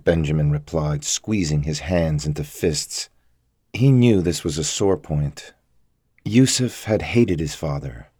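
Guy reading a thriller audiobook, super deep voice, steady measured delivery, dry close sound. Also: husky, dry recording. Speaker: audiobook narrator. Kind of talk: scripted story narration.

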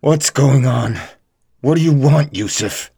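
A man's voice: low-pitched, unhurried, darkish tone, husky, no room sound, clean studio sound. A man doing a frantic captive scholar. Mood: alarmed. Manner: strained, pleading, raised voice. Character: panicked bound male scholar, desperate.

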